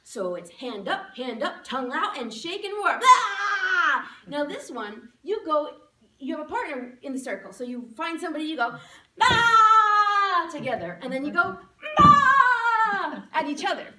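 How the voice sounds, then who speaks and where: Bright, animated woman in an echoey room. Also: high voice, a little fast, distant mic. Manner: playful, animated teaching. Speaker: laughter yoga presenter. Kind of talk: live demonstration speech to an audience. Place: room with a live audience.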